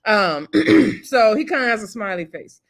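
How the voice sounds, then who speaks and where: A woman's voice: a little high, sing-song, measured pace. Chatty opinionated woman recapping a show. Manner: chatty and opinionated, acts out quotes, talks back at the cast. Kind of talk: casual episode recap.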